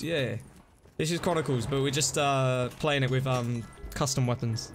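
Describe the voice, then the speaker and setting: A young man streaming a zombie game, chatting excitedly to his viewers and reacting to what happens. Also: mid-range voice, normal speed, soft background music. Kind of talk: casual live-stream commentary.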